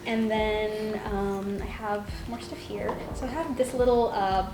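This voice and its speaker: A woman's voice: medium pitch, fairly even intonation, measured pace. A young woman chatting casually as a guest artist, talking through her tools with lots of fillers and a giggly manner. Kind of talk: casual chat. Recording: roomy echo with faint music.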